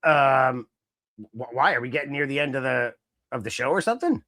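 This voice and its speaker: A man co-hosting a podcast in casual wrestling chat, animated and acting out wrestlers' lines in mimicking voices. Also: mid-range voice, a little fast, no echo, clean studio sound. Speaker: podcast co-host.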